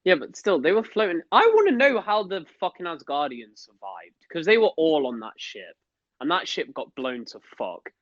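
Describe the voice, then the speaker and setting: A man's voice: fairly high pitch, very animated, moderate pace, fairly bright tone, dry recording, highs cut off. Rambling young man, enthusiastic casual chat. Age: young adult. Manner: rambling, enthusiastic, swears, fillers like mate and bro. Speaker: podcast co-host.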